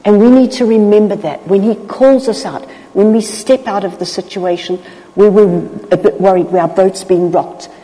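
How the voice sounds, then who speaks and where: A woman preaching a sermon, expressive, acting out the voices of people in the story. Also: medium pitch, normal speed. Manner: expressive, acts out Bible voices. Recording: long hall reverb.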